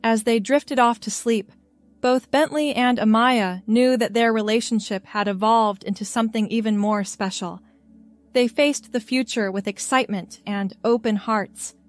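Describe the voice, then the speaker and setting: A woman reading a scripted story aloud in a calm, even storybook manner. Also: a little high, normal speed, dry recording, faint music behind.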